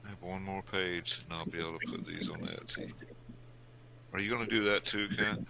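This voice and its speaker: A man with a deep, gravelly voice chats easily on a livestream. He is laid-back and laughs often, tossing in drawled asides between friends. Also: fairly even intonation, brisk, bright, forceful tone, slight background noise. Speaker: streamer. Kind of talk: casual chat on a livestream.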